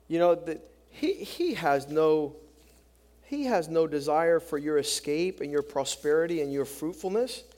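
A man's voice: on the high side, a little mellow. A man preaching a sermon with passion, acting out the voices of scripture and often repeating words as he starts a thought.

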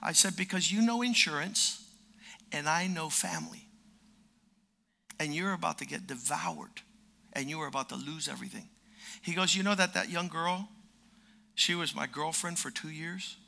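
A man's voice: a little high, normal speed, creaky, pauses often, sharp tone. A man in his fifties preaching a sermon, telling a personal story and acting out the dialogue, building to emphatic peaks. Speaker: preacher and lawyer.

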